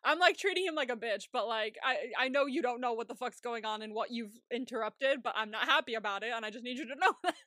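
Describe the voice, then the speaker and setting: A young woman co-hosting a casual recap podcast, talking in an animated way, swearing and laughing often. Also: on the high side, quick pace, few pauses, no room sound, studio quality. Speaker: podcast co-host.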